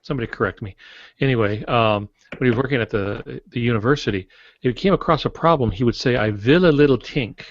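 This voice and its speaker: A man's voice: medium pitch, fast talker, no echo, lo-fi sound. A man co-hosting a writing podcast, explaining ideas through anecdotes with some hesitation. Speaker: podcast co-host. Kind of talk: casual writing podcast chat.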